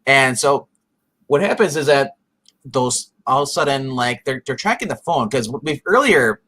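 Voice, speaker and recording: A man co-hosting a casual review show, retelling scenes in an animated way and briefly doing the characters' voices. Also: mid-range voice, moderate pace. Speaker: podcast co-host.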